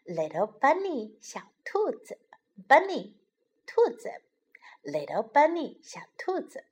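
A woman reads a children's story aloud in a gentle, teacherly way, her voice high and very lively. She speaks slowly and carefully, as if to small children, and stops to teach simple English words. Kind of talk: bilingual children's story narration.

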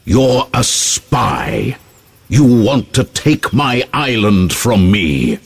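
A controlling old magician , as a man puts him on with a low, gravelly, raspy voice. He speaks slowly and sternly, his pitch moving widely. It is a storybook reading. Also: sing-song, full character voice. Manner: slow, commanding.

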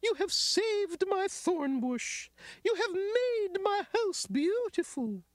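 A man voicing a weepy, emotional old lady in a storybook reading, in a high wavering voice. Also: big pitch swings, slow pace, full character voice. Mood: grateful. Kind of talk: storybook character voice. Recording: music bed underneath.

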